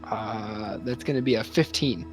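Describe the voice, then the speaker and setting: A man playing a tabletop roleplaying game, eager and excitable, laughing often. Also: on the low side, measured pace, soft background music. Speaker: player.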